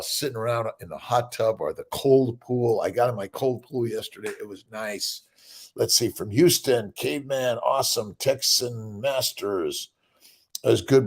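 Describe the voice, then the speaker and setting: A man's voice: on the low side, vocal fry, darkish tone, slightly rough. An older man hosting a casual morning livestream, rambling and upbeat as he greets viewers by name, with many fillers and "right?"s. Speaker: livestream host.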